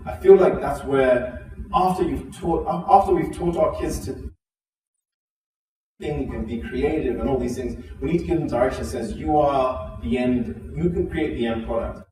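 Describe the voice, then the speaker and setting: A man from Zimbabwe delivers a conference keynote in a mellow, relaxed voice, jumping into lively quoted dialogue as he tells his stories. He restarts phrases often. The sound is a big echoing hall, with him heard from some distance over faint room ambience. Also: normal speed. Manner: animated storytelling, acts out quoted dialogue with pitch jumps; frequent restarts and filler words. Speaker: keynote speaker.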